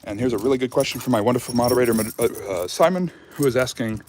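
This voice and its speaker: A man's voice: medium pitch, quick pace, a little mellow, slight background noise. A man hosting a casual history Q&A livestream, out of breath after a jog, rambling loosely with lots of fillers and restarts. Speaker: history channel host.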